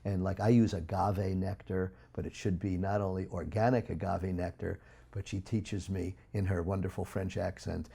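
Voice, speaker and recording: A man speaking as an interview guest, talking in an emphatic, preachy way with big swings in loudness. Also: low-pitched, flat delivery, moderate pace, vocal fry, slightly rough. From United States. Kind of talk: interview talk.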